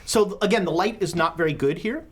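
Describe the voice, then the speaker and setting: A woman running a tabletop horror game as game master, narrating with many pauses and restarts. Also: fairly low pitch, expressive, slight background noise. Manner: halting, with many fillers and restarts.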